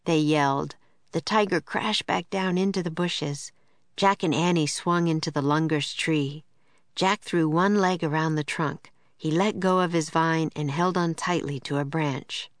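A woman narrating a children's audiobook in a slow, clear storytelling manner, close to the mic. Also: low voice, no echo.

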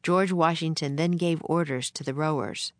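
A woman narrating a children's chapter book in a measured storytelling manner. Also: sits low, dry recording. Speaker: audiobook narrator. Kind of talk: scripted narration.

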